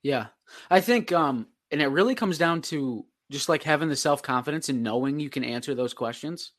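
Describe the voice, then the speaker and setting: A man co-hosting a podcast in an easygoing, reflective way. He drops casual slang as he goes and keeps a steady, mid-pitched voice. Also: moderate pace. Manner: laid-back, reflective, drawling slang. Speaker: podcast co-host, real estate agent.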